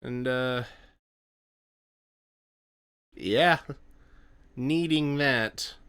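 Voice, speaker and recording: A man's voice: medium pitch, drawn-out words, a bit bright, clear, resonant tone. A tired man hosting a casual reaction video, rambling and trailing off as he reacts.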